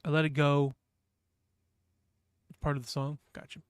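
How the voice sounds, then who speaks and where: A man's voice: a little high, flat delivery, normal speed, clear, resonant tone, studio quality. Brief: male stream host from New Hampshire, loose talky chat, no room echo. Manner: rambling, chatty, reads chat aloud. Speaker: livestream host. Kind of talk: casual chat with viewers.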